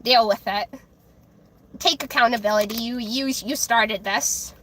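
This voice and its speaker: A woman livestreaming, ranting angrily to her chat, with halting restarts and repeated words. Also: a little high, heavy background noise. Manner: angry, heated ranting with swearing.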